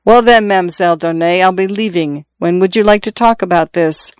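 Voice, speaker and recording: A man's voice: high voice, brisk, smooth, dry recording, clean studio sound, close to an everyday voice. A shy, dutiful young peasant man, in a reader's own voice. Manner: hesitant, plain-spoken.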